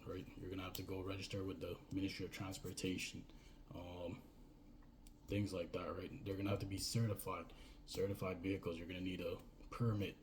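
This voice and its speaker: A man's voice: low voice, a little mellow, slight background noise. A man giving casual business advice in a rambling way, often tagging his points with "right?" and "you know." He. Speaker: business coach.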